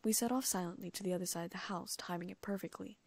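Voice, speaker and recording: A woman reading first-person fan fiction aloud as an audiobook, in hushed, often half-whispered narration. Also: medium pitch, fast, gravelly, no room sound. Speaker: audiobook reader.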